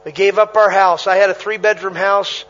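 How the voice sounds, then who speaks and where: A man preaching a sermon, telling stories with animated energy, punchy repetition and bursts of laughter. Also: high-pitched, moderate pace, muffled recording. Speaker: traveling preacher.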